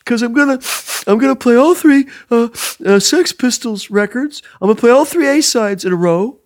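A man voicing an excited male late-night rock radio DJ with a wheezy, asthmatic voice and hyped, breathless announcing. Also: very high voice, moderate pace, pitched above the performer's own voice.

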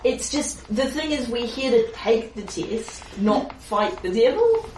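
A woman playing a tabletop game, patiently reasoning with the others, her voice a little high. She is heard from some distance in a roomy space, with faint noise underneath. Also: sing-song, a little slow. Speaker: player. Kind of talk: casual tabletop play.

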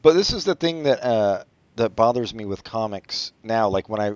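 A man co-hosting a casual podcast chat about comics, rambling and making deadpan jokes, in a dull lo-fi recording. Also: on the low side, moderate pace, no room sound. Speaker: podcast co-host.

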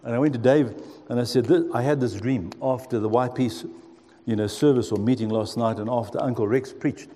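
A man's voice: mid-range voice, fairly quick, dark tone, in a large hall, a little hiss or hum. A man in his sixties telling his own story in a sermon, in an earnest tone that speaks straight to the listeners. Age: 60s. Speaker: preacher. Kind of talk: sermon testimony.

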